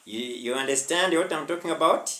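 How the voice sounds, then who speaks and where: Man, teacher, casual home lesson, repetitive urging, slightly high voice, echoey room. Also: brisk, a bit bright. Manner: repetitive, exhorting, frequent tag questions. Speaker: English teacher. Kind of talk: casual spoken English lesson.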